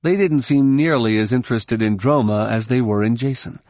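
A male narrator reads an action audiobook in a measured, steady way, with a pitch in the middle range for a man. The sound is dry and close, with no room echo. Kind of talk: scripted narration.

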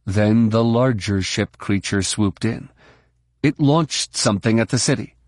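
A man narrating an audiobook in a brisk, steady storytelling manner. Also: lowish voice, no echo, clean studio sound. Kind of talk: scripted narration.

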